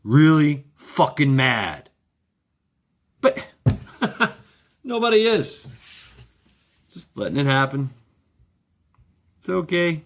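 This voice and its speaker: A man's voice: on the high side, very animated, extremely slow, pauses often. A man talking in a casual, rambling monologue, sardonic and profane, chuckling often. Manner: wry. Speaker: vlogger.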